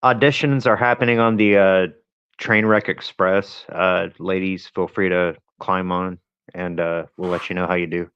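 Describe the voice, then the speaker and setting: A man's voice: deep voice, fairly even intonation, moderate pace, fairly bright tone, clean tone. A man co-hosting a casual livestream, dry and laughing along with the host. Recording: dull lo-fi sound.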